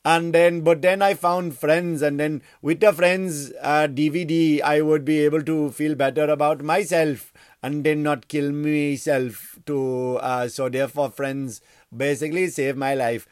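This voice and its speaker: A man's voice: a little high, steady tone, no echo, clean studio sound, lightly acted. Man doing an earnest Indian-accented fan. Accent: Indian, put on. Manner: earnest, halting, run-on storytelling. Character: earnest male fan recounting a tragic life story.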